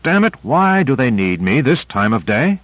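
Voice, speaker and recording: A man voicing a grumpy, sleepy male agent who talks gruffly and with irritation. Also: medium pitch, big pitch swings, moderate pace, no echo, close to an everyday voice. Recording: dry, slightly dull recording.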